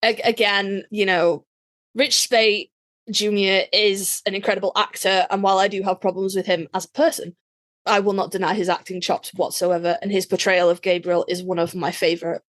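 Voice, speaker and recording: A woman talks as a podcast co-host in loose, casual chat. Her voice sits at a middle pitch. She is playfully opinionated and peppers her talk with swearing. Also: flat delivery, normal speed. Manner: chatty, profane, playfully opinionated.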